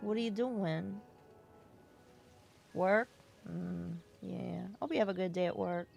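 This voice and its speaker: Slow, gravelly-voiced woman streamer. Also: lowish voice, faint music behind. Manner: relaxed, affectionate, chatty. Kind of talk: casual live-stream chat.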